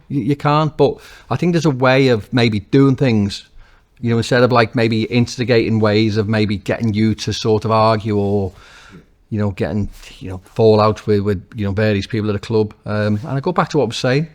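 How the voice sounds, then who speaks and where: A man with a Liverpool accent, a former footballer and now a manager, telling animated, swear-laced stories as an interview guest, with many restarts. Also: on the low side, a little fast. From Liverpool, England. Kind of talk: casual interview anecdotes.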